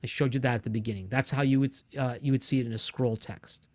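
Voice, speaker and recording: Man, online Bible lecture, patient explaining, mid pitch, dry close sound. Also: steady tone, quick pace, darkish tone, dry recording. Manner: explanatory, patient, with frequent restarts. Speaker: Bible teacher. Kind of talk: online lecture with screen share.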